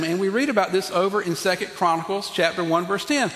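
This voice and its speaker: A man preaching a sermon, talking directly to his congregation and acting out Bible figures in an animated way. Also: sits high, quick pace, hardly any pauses. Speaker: pastor. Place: church sanctuary. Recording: long reverb in a large hall.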